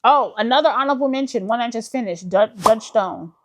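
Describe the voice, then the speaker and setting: A woman's voice: fairly high pitch, fairly quick. A woman book vlogger in casual chat, enthusiastic and full of fillers, calling her viewers "y'all". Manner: chatty, enthusiastic, uses many fillers like "like".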